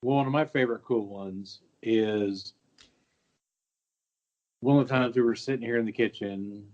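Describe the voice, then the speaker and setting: A man, a guest homeowner, telling a story in an easygoing, unhurried way. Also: medium pitch, darkish tone. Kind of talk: casual storytelling. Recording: dull lo-fi audio.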